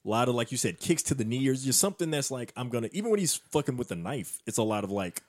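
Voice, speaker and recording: A man co-hosting a podcast in casual chat, relaxed and agreeable, swearing casually. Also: mid-range voice, fast. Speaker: podcast co-host.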